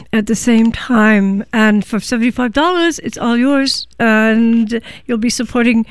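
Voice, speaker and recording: A woman hosts a community radio show, moving between an interview and a membership pitch. Her voice is slightly high, smooth and clear, and it is close and dry on a studio microphone. She talks haltingly, with frequent fillers and pauses. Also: dry recording.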